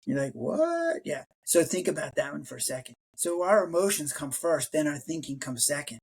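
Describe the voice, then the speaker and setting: Older guy, retired doc, chatty, jumps up loud when he acts out what people said. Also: fairly high pitch, brisk, breathy edge. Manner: animated storyteller, acts out quotes in raised voice. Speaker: podcast guest, retired physician. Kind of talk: casual interview talk.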